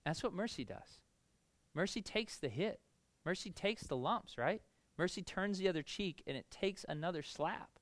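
A pastor preaching a conversational sermon, telling personal stories in a casual, animated way with lots of filler words. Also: male voice, high voice, normal speed, no room sound.

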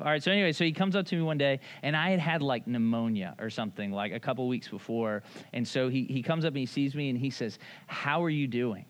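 A man in his thirties, a pastor preaching a sermon in a conversational, animated way, telling stories and acting out quotes. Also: mid-range voice. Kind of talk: sermon with storytelling.

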